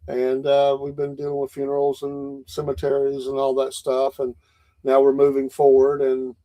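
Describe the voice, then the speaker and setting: A man's voice: medium pitch, monotone, moderate pace, dark tone, rough recording. A man with a Georgia Southern accent hosting a talk show, chatting in an easygoing way with lots of fillers. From Northwest Georgia. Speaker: host. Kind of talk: casual chat. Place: studio.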